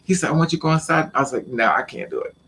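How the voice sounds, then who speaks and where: A man telling a personal story in a casual vlog, talking in an animated way with stammering repeats and acting out the lines of the people in it. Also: on the high side, rapid-fire. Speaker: vlogger.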